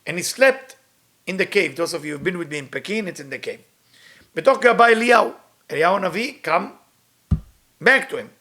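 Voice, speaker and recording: Man, high voice, quick, reads then explains in English. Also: animated, bright, forceful tone. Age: middle-aged. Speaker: Kabbalah teacher. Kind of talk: storytelling lesson with translation.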